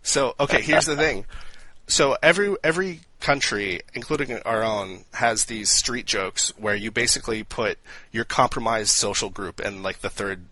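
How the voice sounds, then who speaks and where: A man with a low, bright, forceful voice chats on a podcast and tells old jokes with energy, padding his talk with "like" and "right". The sound is dry and close, with no room around him. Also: normal speed, no room sound, rough recording. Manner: animated joke-telling with frequent fillers. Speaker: podcast co-host. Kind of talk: casual podcast chat.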